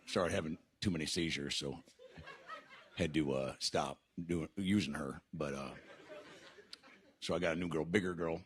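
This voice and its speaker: Very deep-voiced man telling stand-up jokes. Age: 50s. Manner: slow, halting delivery with many "uh"s. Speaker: stand-up comedian. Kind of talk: deadpan stand-up set and interview. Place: comedy club stage.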